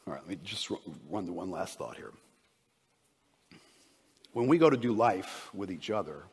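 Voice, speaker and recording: Husky pastor preaching in a reverberant hall. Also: male voice, deep voice, animated, moderate pace. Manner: swings from loud emphasis to hushed near-whispers. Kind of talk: sermon.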